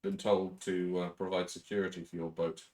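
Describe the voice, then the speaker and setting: A man playing a tabletop game, joking in animated banter with the group. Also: low voice, moderate pace. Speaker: player. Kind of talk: casual tabletop game chat.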